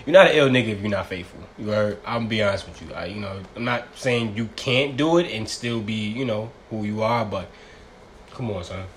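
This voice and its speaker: A young man hosts a casual solo podcast, talking briskly in a voice on the low side. His delivery is profane, rambling and heavy on slang, with slight background noise in the recording.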